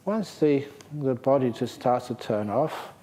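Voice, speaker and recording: Male monk teacher, lively storyteller, mid-pitched voice, relaxed talk. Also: unhurried. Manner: lively storyteller, playful and humorous. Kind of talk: dharma talk with Q&A. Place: retreat centre hall.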